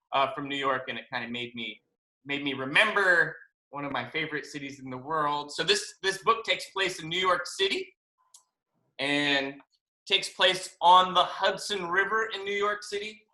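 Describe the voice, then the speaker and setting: A man, a children's book author, reading a picture book aloud to young children over a video call, animated and chatty, in an echoey room. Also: a little high. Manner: animated, chatty storytelling to kids.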